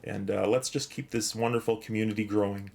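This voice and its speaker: A man's voice: on the low side, fairly even intonation, fairly quick, vocal fry, a little mellow. A man streaming a game, chatting casually, rambling with many fillers and restarts, a little out of breath as he thanks viewers and reads chat.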